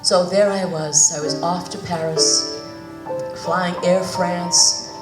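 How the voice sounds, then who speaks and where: A woman's voice: lowish voice, steady tone, slow pace. A woman from Boston with a Boston accent, a cabaret singer chatting and joking with a live audience between songs. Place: senior center hall. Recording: echoey hall, mic at a distance, loud piano.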